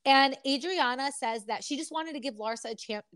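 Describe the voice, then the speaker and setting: Female co-host, slightly high pitch, blunt and animated in casual gossip talk. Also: fairly quick, no echo, clean studio sound. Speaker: podcast co-host.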